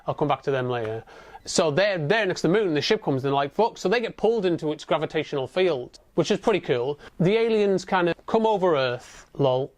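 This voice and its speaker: A man tears into a film in a casual, profane rant with a slightly higher voice. He keeps it sarcastic and animated, picking at each plot hole. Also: a little fast. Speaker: movie reviewer. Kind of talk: casual ranting film review.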